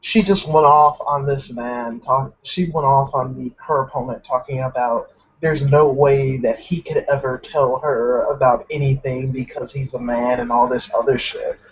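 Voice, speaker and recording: A man's voice: mid-range voice, steady tone, normal speed, dull audio. A man in a casual stream chat, telling stories loosely with many fillers. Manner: loose, filler-heavy storytelling.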